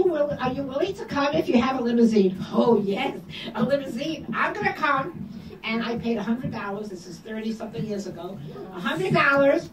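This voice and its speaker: An older woman with a somewhat high voice tells personal stories to a gathered audience and voices each quoted line with animated emphasis. She is picked up from a distance, so the sound is roomy and echoing. Steady background noise runs underneath her. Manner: animated storyteller acting out quoted dialogue. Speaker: guest speaker. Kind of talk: storytelling talk. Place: hall or room at a community event.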